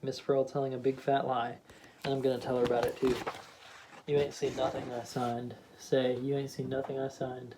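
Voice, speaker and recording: A gruff, stubborn middle-aged husband, read by a man in a steady, flat voice. He talks in a clipped dialect and stays defiant. The storybook reading has faint hiss behind it. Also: medium pitch, normal speed, natural voice. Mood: defensive.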